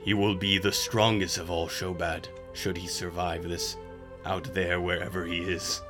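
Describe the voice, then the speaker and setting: A man's voice: sits low, flat delivery, a little slow, over music. A man doing a grave alien warrior father. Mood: solemn. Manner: formal, grave, no contractions. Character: solemn large male alien warrior father.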